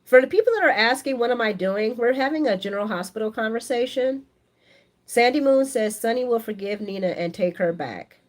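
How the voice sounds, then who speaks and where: Animated, chatty woman host. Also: fairly high pitch, brisk. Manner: chatty and opinionated, animated, laughs often. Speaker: soap opera recap host on a live stream. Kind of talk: casual live chat reading viewer comments.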